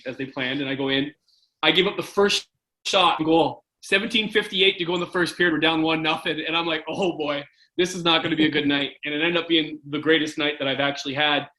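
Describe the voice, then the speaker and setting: Chatty Canadian-raised man, echoey room. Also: fairly high pitch. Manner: animated anecdote-telling, filler-heavy. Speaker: former hockey goalie, podcast guest. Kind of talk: casual storytelling interview.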